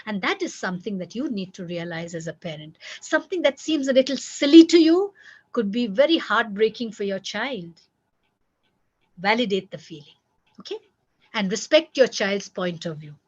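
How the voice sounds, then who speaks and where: A woman's voice: medium pitch, expressive, normal speed, darkish tone, slightly rough. A woman giving parenting advice, emphatic and repetitive, acting out children's words as she teaches. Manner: emphatic, repeats key points, acts out children's lines. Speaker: parenting coach. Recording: dull lo-fi recording.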